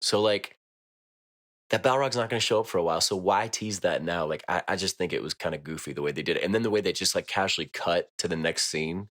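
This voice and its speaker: A man's voice: deep voice, fast talker, a bit bright. A man co-hosting a podcast in casual chat, laid-back and skeptical, often trailing off. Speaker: podcast co-host.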